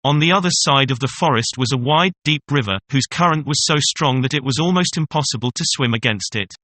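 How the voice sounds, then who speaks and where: A man narrating a fairy tale in a measured, even storytelling manner. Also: mid-range voice, no echo.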